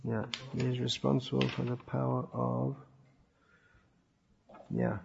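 A religious teacher delivers a scripture lecture in a gravelly, medium-pitched voice, speaking slowly and flatly and pausing often with thoughtful fillers. The recording is dull and lo-fi, with background noise.

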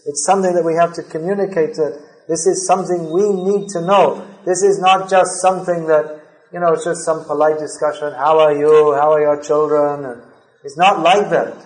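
A man with a somewhat high voice gives a scripture class lecture. He speaks earnestly and leans into emphatic stress. The sound rings around an echoey room. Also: fairly even intonation, normal speed. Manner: recites verses in a chanting cadence. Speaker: spiritual lecturer.

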